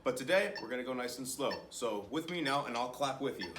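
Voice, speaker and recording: A man's voice: medium pitch, animated, brisk, hardly any pauses, roomy sound, recorded from a distance, heavy background noise. A young man teaching an online music lesson to children, encouraging them and counting rhythms aloud as he claps.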